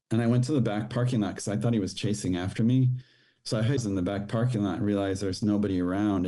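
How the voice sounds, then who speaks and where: Low, dark-voiced man recounting. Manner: plain, halting storytelling with fillers. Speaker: podcast guest. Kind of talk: personal testimony.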